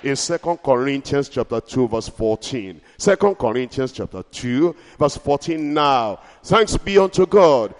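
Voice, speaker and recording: A man preaching a sermon, building rhythmic refrains and slowing down to stress key lines. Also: mid-range voice, animated. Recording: long hall reverb.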